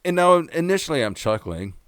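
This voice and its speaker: A man's voice: on the high side, sing-song, brisk, a bit bright, smooth, dry recording, clean studio sound. A man in his forties hosting a podcast, telling a rambling story with plenty of swearing. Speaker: podcast host. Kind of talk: casual monologue.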